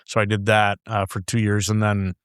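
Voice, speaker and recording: This podcast guest, a brewer, keeps his casual storytelling loose and meandering, breaking into laughter, swearing, and voicing his boss's lines. Through a studio microphone his lowish voice comes across monotone and clean at a moderate pace, with no room sound.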